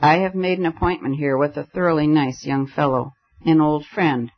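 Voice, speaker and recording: Man reading as a calm, commanding gentleman. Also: a little high, moderate pace, dull audio.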